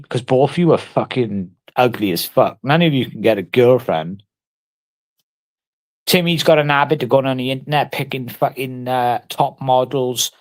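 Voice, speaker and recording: A man on a casual livestream, taunting and mock-threatening someone in crude, heavily sworn banter. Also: mid-range voice.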